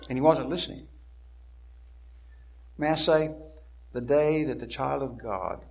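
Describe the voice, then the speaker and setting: A male preacher delivering an expository sermon at a deliberate pace. He leans hard on his key words and drags them out for emphasis. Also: medium pitch.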